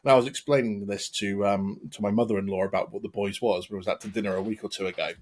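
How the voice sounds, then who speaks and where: A man's voice: fairly low pitch, fairly even intonation, fast talker. An English man hosting a podcast, chatting casually and rambling with many ums and restarts. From England. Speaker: podcast host. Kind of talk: casual chat.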